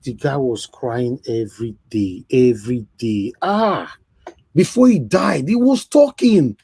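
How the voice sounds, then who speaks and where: Husky-voiced Nigerian male host. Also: mid-range voice, lively intonation, measured pace, warm tone, no room sound. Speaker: talk show host. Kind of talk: hosting a panel discussion.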